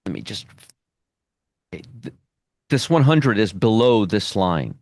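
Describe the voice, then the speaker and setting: A man's voice: lowish voice, very animated, unhurried, darkish tone, no room sound, studio quality. A man teaching a trading lesson at a whiteboard, emphatic, repeating phrases and checking in with "okay?". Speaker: trading educator.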